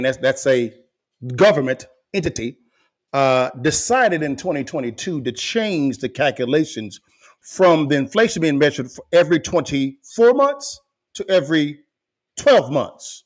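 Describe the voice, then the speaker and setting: A man hosting a podcast, giving animated commentary to viewers and repeating phrases for emphasis. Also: a little high. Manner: emphatic, repeats phrases, rises to near shouting. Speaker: podcast host.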